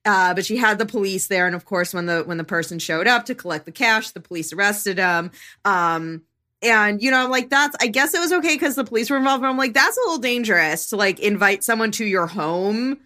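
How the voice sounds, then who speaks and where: Woman, podcast co-host, bright voice, rambling casual talk. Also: medium pitch, brisk. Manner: rambling, many fillers and restarts. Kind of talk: casual chat.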